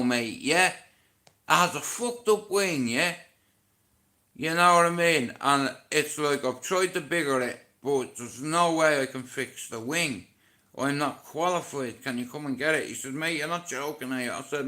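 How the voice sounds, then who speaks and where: Irish man, live streaming on his phone at home, bright and sharp-toned voice, crude and sarcastic storyteller who does all the voices. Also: a little high, unhurried. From Ireland. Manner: animated, profane, sarcastic storyteller acting out both sides. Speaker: livestream host.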